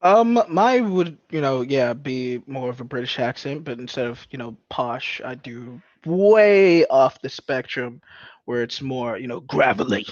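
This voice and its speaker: A man's voice: mid-range voice, lively intonation, measured pace, no room sound. A laid-back man chatting about role-play voices, full of "you know" and "man". His voice sits mid-range, recorded dull and very dry. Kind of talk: casual chat.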